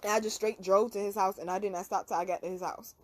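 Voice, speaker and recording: A young woman hosting a casual talk show, telling a story in an animated, slangy, profane way. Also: medium pitch, fast talker. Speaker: podcast host.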